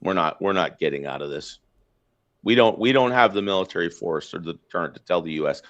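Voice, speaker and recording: A man's voice: sits low, animated, a little fast, fairly bright tone. A Canadian man hosting a podcast, ranting bluntly in casual political chat with lots of fillers and restarts. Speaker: podcast host. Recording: slightly dull lo-fi sound.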